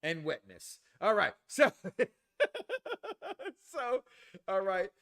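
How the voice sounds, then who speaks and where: A man co-hosting a casual review show, loud and playful, crude jokes, acting out the characters as he recaps. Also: high-pitched, sing-song, slow, creaky.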